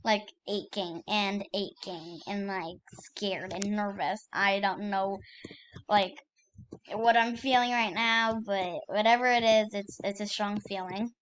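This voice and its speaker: A young woman hosting her own gaming channel, giving casual gameplay commentary in an excitable way, repeating exclamations and using lots of fillers. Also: medium pitch, takes it slowly, a little hiss or hum. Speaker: gaming YouTuber.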